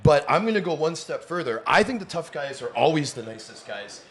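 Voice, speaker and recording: A man's voice: fairly high pitch, sing-song, a little fast, a bit bright, a little hiss or hum. A man from Canada hosting a podcast, talking in an enthusiastic, emphatic way in a studio inside a sports bar. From Toronto, Canada. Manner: enthusiastic, emphatic, repeats for stress. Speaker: podcast host. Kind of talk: casual interview chat.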